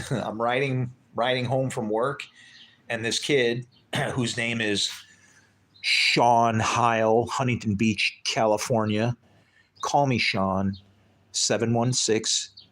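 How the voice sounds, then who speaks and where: A middle-aged man telling a personal story casually on a livestream, animated, acting out the other people's voices. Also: on the low side. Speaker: livestream host.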